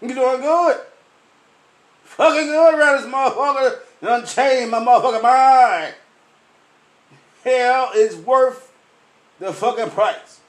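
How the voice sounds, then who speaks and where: High-voiced, profane man ranting. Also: slow, pauses often. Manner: angry, profane, swaggering comic delivery. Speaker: vlogger. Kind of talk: profane rant.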